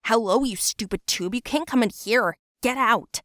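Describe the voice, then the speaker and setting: A woman voicing a smug teenage boy who mocks a classmate in an animated story. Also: fairly high pitch, moderate pace, dry recording, clean studio sound, voice pushed up, lightly acted. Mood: sneering. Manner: sneering, mocking.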